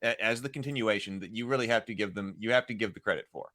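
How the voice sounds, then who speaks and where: A man hosting a casual film discussion podcast, chatty and quick to laugh. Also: fairly low pitch, bright, forceful tone. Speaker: podcast host.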